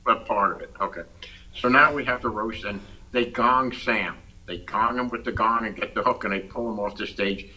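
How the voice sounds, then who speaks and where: A man telling stories as an interview guest, animated and chuckling through his punchlines. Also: fairly low pitch, moderate pace, distant mic, rough recording. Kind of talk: casual anecdote telling.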